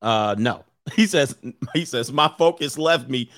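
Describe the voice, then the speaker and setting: A man's voice: medium pitch, measured pace, no echo, studio quality. A man hosting a casual livestream, telling stories with lots of laughter and reading viewer comments aloud. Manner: animated storyteller who laughs often. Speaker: host of a livestream show.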